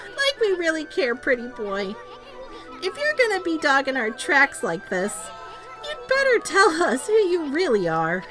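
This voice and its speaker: A woman voicing a tiny, brash male sidekick who taunts and scoffs in a squeaky voice. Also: wildly swooping pitch, a little slow, over music, heavily acted. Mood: scornful.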